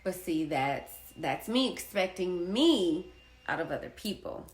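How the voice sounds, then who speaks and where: A woman's voice: on the low side, animated, unhurried. A woman in her thirties, an artist and poet, telling a personal story in a blunt, profane way and hammering her points with repetition. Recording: echoey room.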